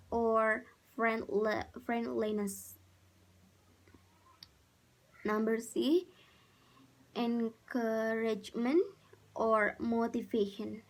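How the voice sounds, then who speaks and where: Slow-reading young woman presenting a lesson. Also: fairly high pitch, rough recording. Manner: slow, careful reading with restarts. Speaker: student presenter.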